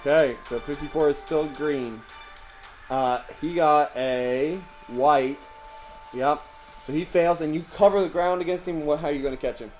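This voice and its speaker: A man narrating a tabletop game as game master, his voice a touch high. He tells the action with energy and laughs often. Faint music sits behind him. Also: normal speed. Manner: animated, laughs often, acts out villains in yelps.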